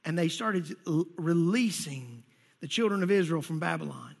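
A man preaching a sermon as pastor, energetic and conversational, with playful acted asides. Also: fairly high pitch, moderate pace, vocal fry, slightly rough. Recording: long hall reverb.

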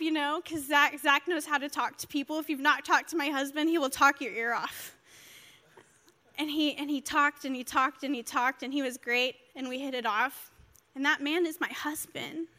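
A woman pastor, preaching a sermon and telling her story with animated, emotional delivery. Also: sits high. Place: church.

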